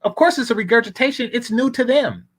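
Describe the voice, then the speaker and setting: A man's voice: very high-pitched, animated, a little fast, fairly bright tone, breathy edge. A man hosting a casual reaction commentary, breaking into sarcastic, exasperated asides between clips.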